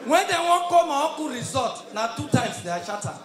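A Nigerian man working a live crowd as MC. His voice sits very high and swoops all over as he punches out shouted lines with hums in between. The hall rings around him, with an audience murmuring behind. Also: sing-song, brisk, faint music behind. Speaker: comedian and MC. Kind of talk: stand-up comedy. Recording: echoey hall, crowd noise.

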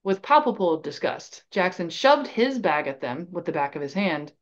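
Woman reading a story aloud, lo-fi. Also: on the low side. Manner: measured, expressive reading. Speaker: podcast host reading aloud. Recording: slightly dull lo-fi recording.

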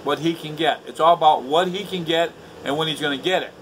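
Bitter older man venting to camera, harsh bright voice, pitched a bit high, faint hum behind. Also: fairly quick, poor audio. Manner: profane, bitter, repetitive. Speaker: vlogger. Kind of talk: angry rant to camera. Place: indoors at home.

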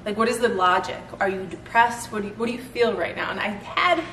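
A woman's voice: mid-range voice, fairly quick, fairly bright tone, recorded from a distance. A woman in her thirties chatting casually in a vlog, laughing often as she talks. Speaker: fitness vlogger. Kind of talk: casual chat. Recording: roomy sound from off-mic, faint noise.

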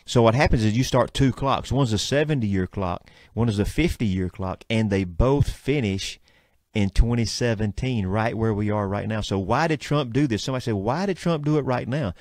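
A man in his fifties with a Southern US accent, hosting a Christian radio talk show in a fervent, preachy and excitable manner. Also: lowish voice, normal speed, dry recording, studio quality. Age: 50s. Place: radio studio.

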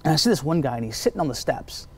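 With a slightly high, breathy voice, a middle-aged pastor races through a story as a guest in an interview, speaking very fast. He animatedly acts out what people said.

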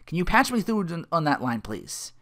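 A man's voice: a little high, very animated, normal speed, fairly bright tone, voice pushed up. A man voicing a weary, sarcastic male TV weatherman in a casual movie retelling, with dry, mocking quips. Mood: smug, mocking.

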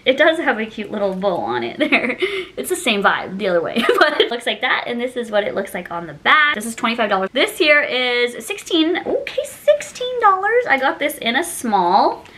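A woman's voice: on the high side, sing-song, moderate pace, fairly bright tone. A young woman chatting casually through a shopping haul, bubbly and self-mocking, often breaking into giggles. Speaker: vlogger.

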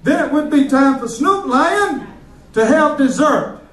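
A man's voice: very high voice, lively intonation, measured pace, fairly bright tone, echoey room, distant mic, low-quality recording. A male stand-up comedian, telling jokes loosely on a club stage. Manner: loose, joking storytelling.

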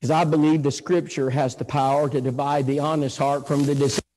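Folksy preacher in an echoey hall. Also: male voice, a little high, fairly quick. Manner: folksy, animated storytelling, acts out voices. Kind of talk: sermon with storytelling. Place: church auditorium.

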